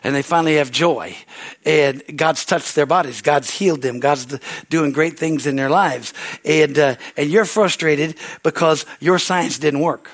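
A man preaching a sermon as pastor, building into excited shouts of praise with many hallelujahs. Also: on the high side, measured pace.

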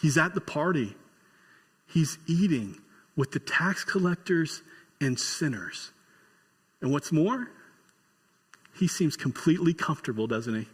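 A male pastor delivers a story-driven sermon with homespun humor and bursts of excited emphasis. His voice sits somewhat high for a man, and a long church reverb hangs after each line. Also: unhurried, pauses often, breathy edge.

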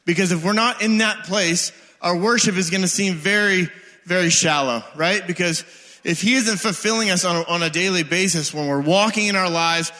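Bright-voiced preacher. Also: male voice, high voice, moderate pace. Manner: casual, conversational, energetic. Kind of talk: sermon. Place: church hall. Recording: hall with long reverb.

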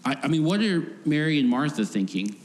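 A man's voice: a little high, big pitch swings, a little fast. A man giving a conversational sermon, often laughing and acting out voices from the story. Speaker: preacher. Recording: faint background noise, long hall reverb.

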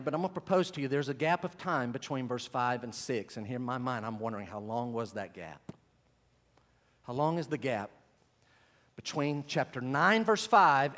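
A male pastor preaching a sermon, moving between quiet asides and loud, emphatic stretches. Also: mid-range voice, long reverb tail.

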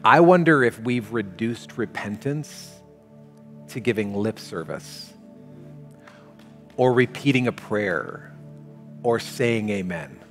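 A man preaching a sermon as pastor, talking in a conversational, animated way. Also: lowish voice, slow, pauses often. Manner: conversational, animated, shifts into quoted voices. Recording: long hall reverb, faint music.

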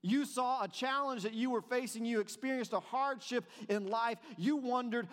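A man preaching a sermon, moving between soft, drawn-out passages and emphatic, animated questions. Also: very high-pitched, long reverb tail. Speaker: pastor.

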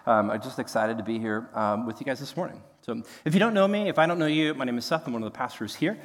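A man's voice: mid-range voice, fast, in a large hall. A young man from Nebraska, a pastor, telling a story in a sermon, chatty, with many fillers and restarts. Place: church.

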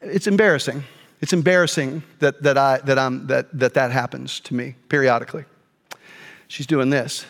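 A middle-aged male pastor telling a personal story in a sermon, animated, jumping between quiet asides and loud outbursts. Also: medium pitch, brisk, vocal fry. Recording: long hall reverb.

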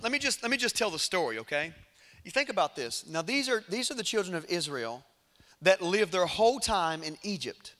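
A male preacher with a high, bright voice tells a story in a sermon. He swings from hushed passages to loud, vivid ones. His delivery stays dramatic throughout.

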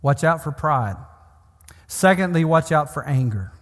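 Earnest preacher in a reverberant hall. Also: male voice, fairly high pitch, animated, unhurried. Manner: earnest, pastoral, rising emphatic repetitions. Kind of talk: sermon.

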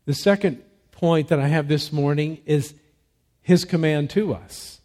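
Man preaching a dynamic sermon. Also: on the high side. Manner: swings from soft, slow emphasis to loud, rising exhortation; asks rhetorical questions and answers them. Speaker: pastor.

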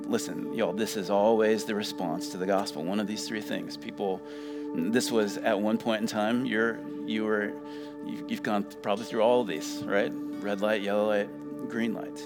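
Low-voiced preacher, emphatic. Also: male voice, fairly even intonation, moderate pace, over music. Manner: emphatic, call-and-response questions to the congregation. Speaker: pastor. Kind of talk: sermon.

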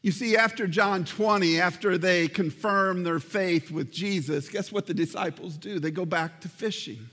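High-voiced man preaching in a reverberant hall. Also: moderate pace, hardly any pauses, fairly bright tone. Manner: earnest, repeats words for emphasis, speaks directly to listeners. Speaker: pastor. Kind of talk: sermon. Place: church sanctuary.

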